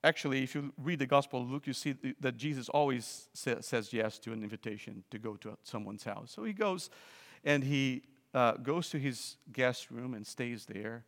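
A man delivers a sermon at a middle pitch, telling a story with halting restarts before rising to loud, urgent appeals. His voice carries a long reverb, as if heard in a large hall. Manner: storytelling, swelling to loud emphatic exhortation; hesitant restarts and fillers. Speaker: preacher.

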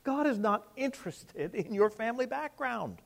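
A middle-aged male pastor preaching a sermon, emphatic, with rhetorical questions and swings between loud and soft. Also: very high voice, expressive, normal speed, gravelly.

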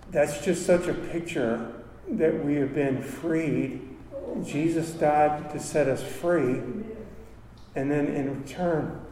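A man's voice: fairly high pitch, warm tone, a little hiss or hum. A man preaching a sermon in a church, telling a story with emotion and calling for amens. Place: church hall. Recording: echoey hall from far off.

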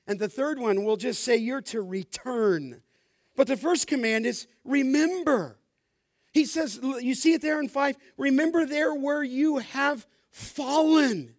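A middle-aged man preaching with a high, ringing voice. He moves between chatty storytelling and fervent exhortation, and the sound is close and dry with no room around it. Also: dry recording. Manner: passionate, rising to emphatic exhortation; storytelling, conversational asides. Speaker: pastor. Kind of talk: sermon.

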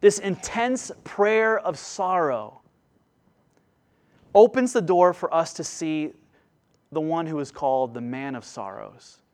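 A man preaching a sermon with passion, swelling loud on key phrases and dropping to a hushed, slow delivery. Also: on the high side, animated. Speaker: pastor.

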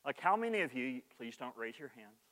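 A man preaching a sermon in a conversational way, often restarting his sentences and growing more animated as he goes. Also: medium pitch, a little fast, long reverb tail. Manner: conversational preaching with many restarts and "like", rising in energy. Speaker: pastor.

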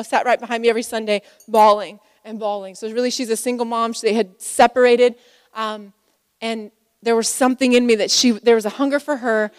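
A woman in her forties delivers a sermon in a warm, chatty way, full of fillers and stories. Her voice sits a bit high. It carries a long reverb from a big hall. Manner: conversational, emotional, many fillers. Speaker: pastor's wife speaking at a conference.

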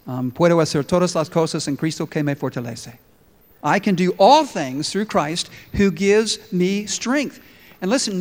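Emphatic preacher man with echoing reverb. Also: high voice. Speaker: pastor. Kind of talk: sermon.

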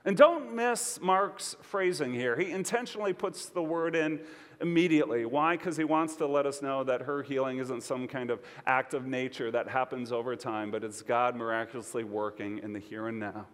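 A man preaching a sermon as pastor, expressive and conversational, asking his listeners questions. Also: mid-range voice, moderate pace, long reverb tail.

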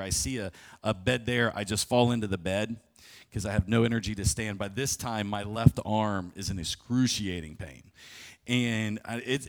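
A man preaching a sermon, telling a personal story vividly and often restarting his phrases. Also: on the low side. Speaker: pastor. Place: church sanctuary.

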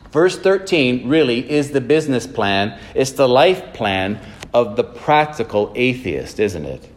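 A man preaching a sermon in a church, mixing plain storytelling with earnest, emphatic points. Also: medium pitch. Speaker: pastor.

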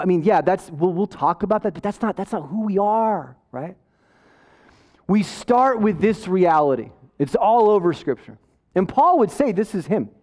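A man preaching a sermon in a casual, conversational way, energetic and joking with the congregation. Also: high-pitched. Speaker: pastor.

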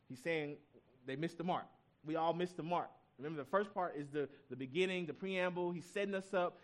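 A man's voice: fairly high pitch, fairly quick. A male pastor giving a sermon, reading scripture and telling stories in a conversational way, with asides to the congregation.

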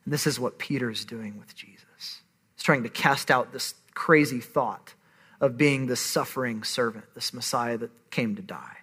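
A man's voice: medium pitch, normal speed, fairly bright tone, husky. A man in his thirties preaching a sermon, conversational and emphatic. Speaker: pastor.

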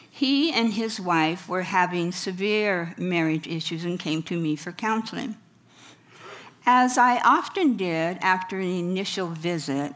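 A woman's voice: mid-range voice, fairly bright tone. A middle-aged woman, a counselor, telling personal stories to an audience with wry humor. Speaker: counselor and speaker. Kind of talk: storytelling talk.

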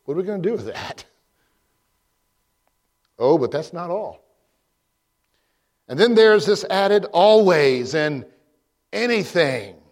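A man preaching a sermon as pastor, posing emphatic rhetorical questions with frequent pauses. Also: high-pitched, expressive. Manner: slow, deliberate delivery with frequent pauses.

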